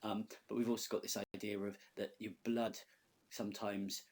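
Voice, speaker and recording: Guy teacher w a low husky voice, chatty lesson walkthrough, keeps saying okay. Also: little pitch movement, moderate pace, a little mellow. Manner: conversational, checks in with frequent "okay?". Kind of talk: recorded classroom lesson.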